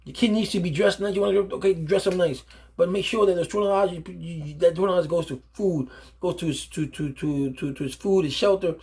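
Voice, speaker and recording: A man's voice: high-pitched, steady tone, fast, darkish tone, slightly rough. A man, a father, giving earnest, emphatic advice to other fathers off the cuff, often repeating himself and restarting phrases. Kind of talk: unscripted advice monologue.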